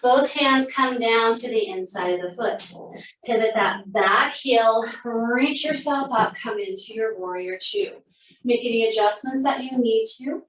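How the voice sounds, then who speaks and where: A woman teaching a guided yoga class, cueing poses calmly and steadily, a little out of breath at times. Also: on the high side, a little slow. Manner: calm, steady cueing, breathing between phrases. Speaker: yoga instructor. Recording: roomy sound, mic at a distance.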